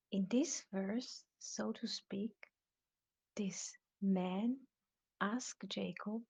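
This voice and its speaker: A woman teaching a live online Bible lesson, speaking deliberately and quizzing her students. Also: medium pitch, gravelly, dark tone, slightly rough. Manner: slow, deliberate, questioning students. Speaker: Biblical Hebrew teacher. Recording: dull lo-fi online audio room.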